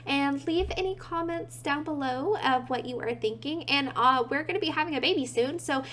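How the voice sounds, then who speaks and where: A woman's voice: sits high, moderate pace, a bit bright, slight background noise. A woman giving casual gameplay commentary, chatty and giggly, talking to her game characters and her viewers. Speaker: gaming video creator.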